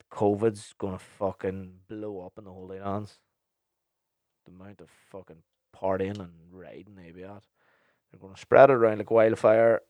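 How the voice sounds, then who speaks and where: On his podcast, a young DJ and host fields listener questions in relaxed conversation, his fairly low voice carrying a darkish tone. Bluntness, free swearing, and rambling full of ums mark his speech, all captured in a dry, close recording without room sound.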